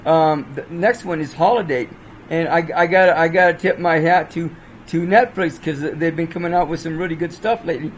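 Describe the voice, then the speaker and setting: Rambling male movie reviewer, slightly higher voice, chatty and unscripted, lots of restarts. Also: brisk, slight background noise, rough recording. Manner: rambling, full of fillers and restarts. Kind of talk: casual spoken movie review.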